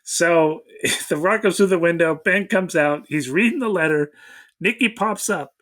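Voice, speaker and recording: A man's voice: a little high, moderate pace, fairly bright tone, no room sound. A man co-hosting a casual podcast, wryly recapping a movie plot. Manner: wry, recaps the plot with mocking quotes. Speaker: podcast co-host. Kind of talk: casual chat.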